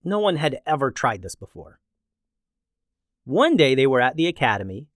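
A man hosting a children's story podcast and narrating in a friendly, expressive way. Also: fairly high pitch, dry recording, clean studio sound.

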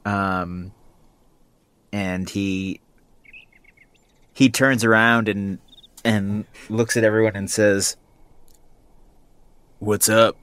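A man playing a tabletop game, describing his character in a relaxed, hesitant way. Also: on the low side, extremely slow, pauses often. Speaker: player. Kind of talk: tabletop role-play.

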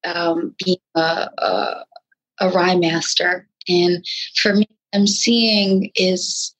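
A woman from New York, a rapper talking in a casual interview, with a nasal voice and halting speech full of restarts. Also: little pitch movement, a bit bright, low-quality recording. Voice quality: nasal, sometimes high-pitched. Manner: frantic, halting speech with many restarts and fillers. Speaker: rapper guest.

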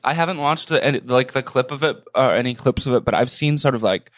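A young man co-hosting a podcast in casual chat, joking in a dry, deadpan way into a headset mic. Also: mid-range voice, quick pace, no echo. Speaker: podcast co-host. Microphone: headphones and webcam.

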